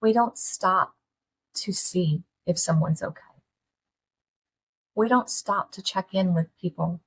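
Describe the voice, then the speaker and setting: A middle-aged woman, hosting a candid solo talk and speaking to listeners in an earnest, folksy, animated way. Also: lowish voice, slow, husky. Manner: earnest, folksy, animated, with laughs and direct questions to the audience. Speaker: podcast host.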